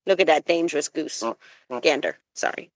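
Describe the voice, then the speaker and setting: A woman's voice: low-pitched, steady tone, normal speed, no echo. A young woman live-streaming outdoors by phone, cooing in baby talk to her pet geese and chatting to viewers. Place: outdoors with geese and other animals.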